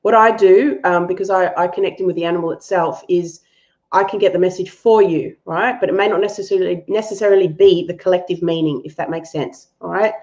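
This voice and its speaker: Lower-voiced woman, affectionate live reader. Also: fairly even intonation, fairly quick, darkish tone, muffled recording. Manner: affectionate, calls viewers "my love", thinks aloud with fillers. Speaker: spiritual animal reader hosting a live stream. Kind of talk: live-stream reading and Q&A.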